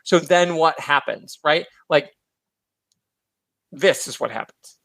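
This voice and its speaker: A man's voice: a little high, creaky, no room sound. A man hosting a podcast, chatting casually and animatedly about films. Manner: animated, chatty, quick asides. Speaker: podcast host. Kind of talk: casual film discussion.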